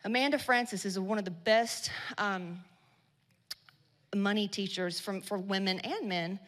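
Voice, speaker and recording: This woman speaks at medium pitch, unhurried and fairly even in intonation. Her talk to a live audience at a women's business event is blunt and profane, slangy, with bursts of loudness, and the hall adds a long reverb.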